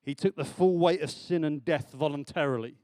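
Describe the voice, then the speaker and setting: A man delivers a church sermon in a chatty, animated way, often breaking into a laugh. His voice sits a little high. The sound is dry and close. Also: brisk, no echo. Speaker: preacher.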